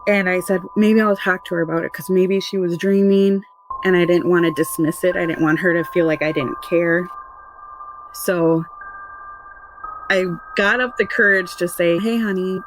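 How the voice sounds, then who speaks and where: Over background noise, a woman with a lowish voice recounts a scary thing that happened to her family, a true paranormal tale told as a mother. She speaks conversationally, drifting and restarting often.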